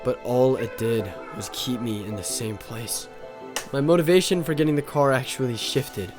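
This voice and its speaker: A man's voice: medium pitch, normal speed. A young man narrating his vlog in a casual, slangy way, talking straight to his viewers. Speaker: vlogger. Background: music.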